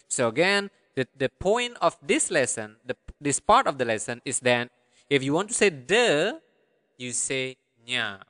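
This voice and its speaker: A man teaching a language lesson, patiently repeating words slowly and checking in with the listener. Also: fairly high pitch, sharp tone. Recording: long hall reverb.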